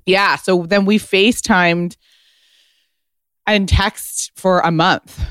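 A woman guest on a podcast, casually telling a story with lots of "like" and animated retelling. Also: mid-range voice, slow pace, clear, resonant tone, no room sound, clean studio sound. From United States. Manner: chatty, heavy use of "like", animated retelling.

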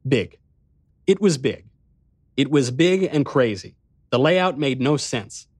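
A man reading a first-person suspense story aloud, tense and measured. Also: medium pitch, expressive, husky, no room sound, studio quality. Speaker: narrator. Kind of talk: first-person audiobook narration.

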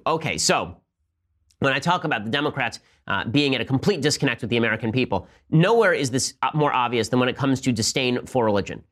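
Rapid-fire combative male podcast host. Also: mid-range voice, expressive, fairly bright tone. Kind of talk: political commentary.

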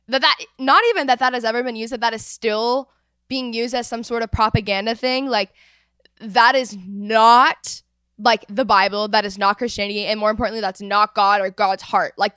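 A young woman hosts a casual podcast chat in a smooth, fairly high voice. She gushes warmly and leans on "like" as she talks. The sound is dry and close. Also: no room sound. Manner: gushing, effusive, many "like" fillers. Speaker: podcast host.

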